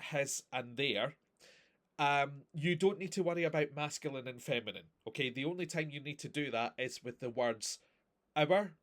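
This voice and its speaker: A man, a Spanish teacher patiently reviewing grammar step by step and checking in with "okay?". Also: fairly high pitch. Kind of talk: recorded class review.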